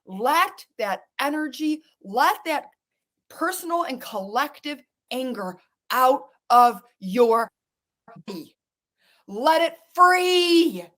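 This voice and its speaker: A woman's voice: high-pitched, animated, slow pace, fairly bright tone. A woman hosting a podcast, leading listeners through a guided exercise with urgent, coaxing, repeated commands. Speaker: podcast host guiding listeners.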